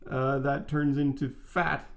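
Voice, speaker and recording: A man in his thirties co-hosting a casual vlog chat, talking in a brisk, emphatic and opinionated way. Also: mid-range voice, level tone, gravelly. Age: 30s. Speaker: vlog co-host.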